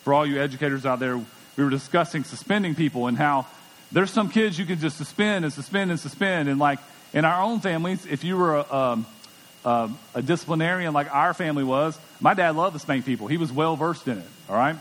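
A man's voice: fairly high pitch, fairly quick, a bit bright. A middle-aged man preaching a sermon as pastor, conversational and emphatic, often repeating words as he goes. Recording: long church hall reverb.

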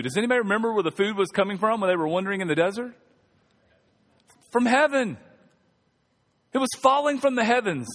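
A man's voice: high-pitched, fairly quick, long pauses. A man preaching a sermon as pastor, reading scripture and joking with the congregation. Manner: joking, animated preaching with audience asides. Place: church sanctuary. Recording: long reverb of a church hall.

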